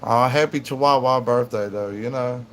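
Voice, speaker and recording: A man's voice: mid-range voice, moderate pace, a little hiss or hum. Laid-back man rambling on a livestream. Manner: rambling, laid-back, talks to viewers and his dog. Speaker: livestream host. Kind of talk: casual livestream chat.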